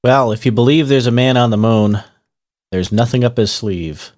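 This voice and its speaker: A man's voice: medium pitch, normal speed, darkish tone, dry recording. A man co-hosting a casual podcast, adding dry, wry asides. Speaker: podcast co-host. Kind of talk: casual chat.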